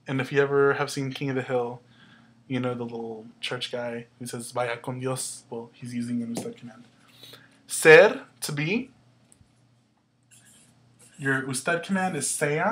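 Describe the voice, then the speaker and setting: A man teaching a language lesson at a board, explaining patiently in a casual way, with fillers and quick self-corrections. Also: mid-range voice, fairly bright tone. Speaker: Spanish teacher.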